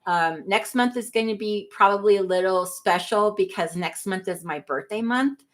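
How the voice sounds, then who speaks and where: A woman's voice: mid-range voice, moderate pace. Middle-aged lady rambling on her livestream, chatty, laughs a lot, says sorry a lot. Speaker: livestream host. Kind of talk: casual chat reading live comments.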